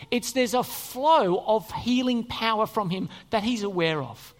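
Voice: medium pitch, animated, normal speed, hardly any pauses. A preacher giving a conversational sermon and often asking the congregation questions. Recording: long reverb in a church hall.

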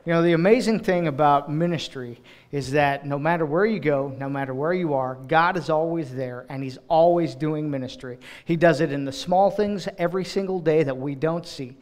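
A man preaching a sermon about ministry, expressive, acting out quoted voices and often restarting phrases. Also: a little high, moderate pace. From United States. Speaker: director of global partnerships speaking in church.

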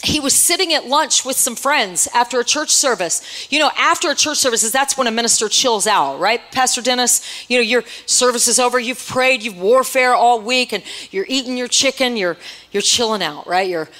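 A woman's voice: a little high, normal speed, bright, forceful tone. A woman preaching a sermon to a congregation, teasing them with playful asides and quizzing the room. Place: church hall with congregation.

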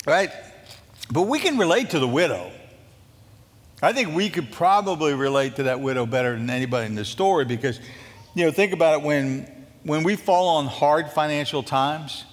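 Animated male pastor in a reverberant hall. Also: mid-range voice. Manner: animated, jokey storytelling that acts out scripture quotes. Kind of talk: sermon.

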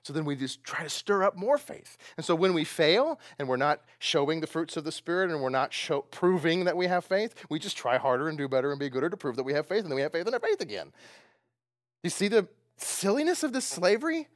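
A man's voice: a little high, big pitch swings, a little fast, dry recording, studio quality. A man preaching a sermon, talking conversationally, asking the audience questions and often laughing. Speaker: pastor.

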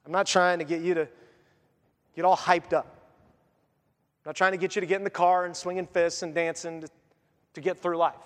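Male pastor, earnest sermon, fairly high voice, echoing church hall. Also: level tone, normal speed, long pauses, fairly bright tone. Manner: earnest preaching, voicing quoted speakers.

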